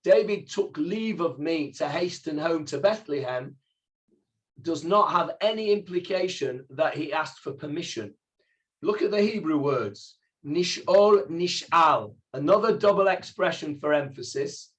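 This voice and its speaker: Rabbi teaching a Bible class, higher-pitched man. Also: animated, measured pace, fairly bright tone. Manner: explains Hebrew words step by step, asks the class questions. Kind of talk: informal text study class.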